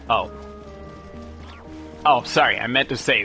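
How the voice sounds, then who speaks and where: A man's voice: medium pitch, animated, normal speed, fairly bright tone, faint music behind. A young man commentating casually while playing a game, jokey and playful and fond of silly accents. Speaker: gaming streamer. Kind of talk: casual let's play commentary.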